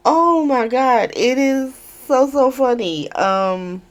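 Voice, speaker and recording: A woman hosting a podcast who recaps a soap opera in a casual, animated and sarcastic way, laughing often. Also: high-pitched, slow pace, hardly any pauses, soft background music. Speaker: podcast host.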